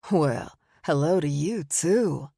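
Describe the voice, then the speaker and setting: A woman voicing a warm, easygoing young man who is a bear shifter, relaxed and affectionate. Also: sits low, takes it slowly, creaky, slightly rough, no echo, clean studio sound, exaggerated voice. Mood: playful.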